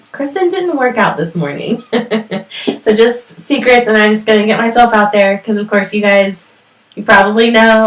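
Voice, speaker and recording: A woman's voice: mid-range voice, far from the mic. A woman hosting a parenting talk show from her home, speaking to her viewers in a chatty, motivational way and laughing at herself. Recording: echoey room, voice set back from the mic.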